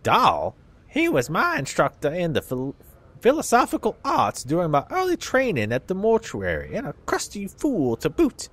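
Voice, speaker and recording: A man's voice: high voice, wildly swooping pitch, moderate pace, a bit bright, pitched above the performer's own voice, heavily acted. A man voicing a crusty, gossipy old male bar regular in a put-on Southern drawl.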